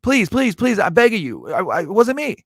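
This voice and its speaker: A comedian doing a frantic prisoner who begs and swears he is innocent, his voice pushed up high. The pleading is hurried and desperate, in a dry, close sound. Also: wildly swooping pitch, breathy edge, no room sound, heavily acted. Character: desperate wrongly jailed man pleading innocence.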